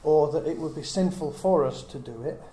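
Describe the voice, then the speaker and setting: Earnest and reasoning, a middle-aged man leads a small-group Bible teaching in a warm, slightly high voice at a normal pace. Rhetorical questions fill his talk, and the echoey room adds a faint hiss.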